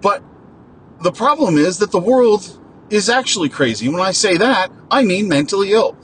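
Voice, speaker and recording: A man's voice: high-pitched, lively intonation, normal speed, a bit bright, slight background noise, poor audio. A man hosting a casual solo talk, rambling and digressive with many fillers, restarts and the odd swear word.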